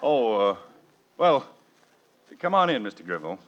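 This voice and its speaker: Exasperated sitcom dad, lively and a bit high, on dull vintage radio. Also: male voice, measured pace. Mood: polite. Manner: exasperated, sarcastic. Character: exasperated middle-aged suburban family father. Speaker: family father. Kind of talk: 1950s radio sitcom acting. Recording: dull old radio broadcast, faint hiss.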